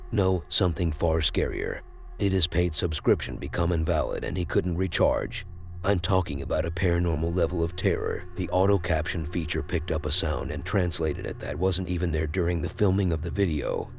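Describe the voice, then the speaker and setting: Deep gravelly wry narrator, man. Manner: wry, joking asides. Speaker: narrator of a horror compilation. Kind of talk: scripted narration.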